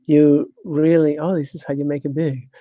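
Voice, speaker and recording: A woman's voice: sits low, steady tone, normal speed, dry recording, lo-fi sound. A woman hosting her own talk show, delivering a blunt, sardonic monologue, cursing freely and laughing often. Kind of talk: casual monologue.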